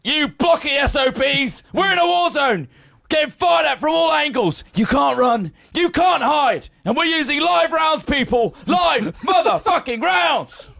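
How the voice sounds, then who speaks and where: A man voicing a loud, foul-mouthed male army drill sergeant who bellows crude insults in a hobby script read-through. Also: extremely high pitch, moderate pace, vocal fry, heavily acted. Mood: bellowing.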